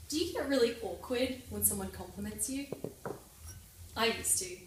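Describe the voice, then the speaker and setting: A young woman delivers a prepared speech in a lively, personal way, her voice sitting a touch high. She is heard from a distance in a very echoey meeting room, with a faint hiss underneath. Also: moderate pace. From Australia. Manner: lively, personal, lightly humorous. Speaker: club speaker.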